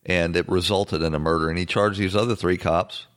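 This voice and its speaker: A man with a fairly low voice hosts a political commentary monologue. He speaks bluntly and assertively. He hesitates often and fills the pauses with fillers and restarts. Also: steady tone, a bit bright. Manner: halting, with frequent fillers and restarts. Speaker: host.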